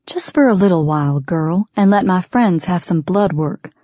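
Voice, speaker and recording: A woman's voice: on the low side, expressive, normal speed, warm tone, no room sound. A woman reading as a fanatical, contemptuous middle-aged father, a villain in an audiobook who sneers and threatens. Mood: menacing. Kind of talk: audiobook character voice. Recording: dry, dull lo-fi recording.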